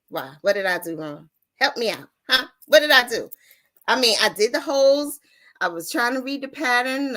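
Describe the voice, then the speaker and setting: A woman hosting a casual livestream, chatty and animated, greeting viewers as y'all. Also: medium pitch. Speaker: livestream host.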